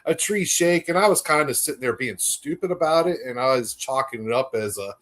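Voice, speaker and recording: A man hosting a casual podcast interview, talking in a relaxed, frank way with casual swearing. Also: mid-range voice, fairly quick. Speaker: podcast host.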